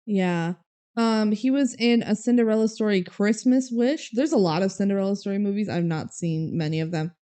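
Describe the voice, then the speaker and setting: A woman's voice: mid-range voice, moderate pace, dark tone, smooth. A young woman from Minnesota co-hosting a podcast, chatting casually with frequent laughs and fillers. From Minnesota, USA. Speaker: podcast co-host. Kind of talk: casual chat.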